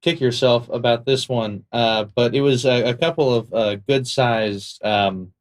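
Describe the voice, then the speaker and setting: A man's voice: mid-range voice, fairly even intonation, a little slow, a little hiss or hum. A man playing a tabletop game, bantering playfully with the others. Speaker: player. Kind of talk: casual tabletop play.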